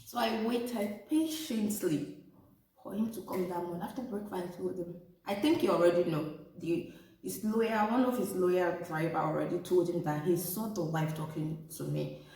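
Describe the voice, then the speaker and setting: A woman's voice: on the low side, moderate pace. Woman telling a story in an echoey room. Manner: animated, addresses viewers as ladies. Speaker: vlogger giving relationship advice. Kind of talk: casual storytelling to camera. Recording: echoey room, distant from mic.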